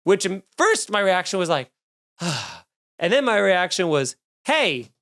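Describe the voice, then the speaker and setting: A man hosts his solo comedy podcast, telling a rambling story. His voice sits a little high for a man, and he swears freely and mocks himself as he goes. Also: a little slow. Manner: profane, animated, self-deprecating storytelling.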